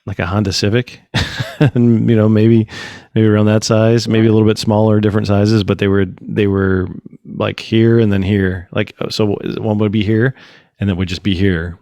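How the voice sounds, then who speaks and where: A man's voice: lowish voice, normal speed, dry recording. A man in his thirties hosting a podcast, telling a story in casual chat and acting out the quotes. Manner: animated storyteller, acts out quotes, swears casually. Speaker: podcast host.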